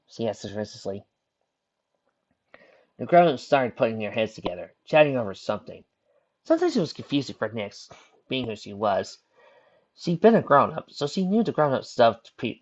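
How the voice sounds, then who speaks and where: A man narrating a story aloud in a plain reading voice, stumbling over a word now and then. His pitch moves around quite a bit. The recording is dull and lo-fi. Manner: plain, even narration with slips and restarts. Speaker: reader. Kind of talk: storybook reading of fan fiction.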